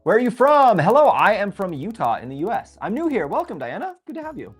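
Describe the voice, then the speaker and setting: A young man hosting a casual livestream. He thinks aloud while building and reads viewer messages aloud in a relaxed, chatty way. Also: sits high, fairly quick, slightly rough, faint music behind. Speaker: livestream host building a LEGO set.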